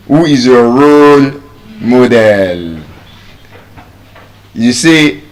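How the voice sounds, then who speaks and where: A man with a Nigerian English accent giving a live pronunciation lesson to an audience, repeating each word slowly to drill it. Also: mid-range voice, expressive. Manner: deliberate, drills words by repeating them slowly. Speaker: pronunciation teacher. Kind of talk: live public speaking lesson.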